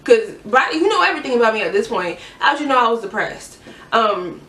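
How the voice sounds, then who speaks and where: A woman's voice: a little high, sing-song, sharp tone. Earnest young woman in an echoey room. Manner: halting and earnest, many restarts. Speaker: vlogger sharing a personal story. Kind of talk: candid personal testimony. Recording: echoey room, mic at a distance.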